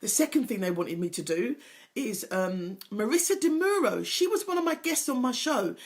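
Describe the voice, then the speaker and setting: A woman's voice: on the high side, very animated, normal speed. Middle-aged woman, motivational host, earnest, emphatic, repeats key phrases, openly emotional. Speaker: host, confidence coach. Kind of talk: motivational talk to viewers.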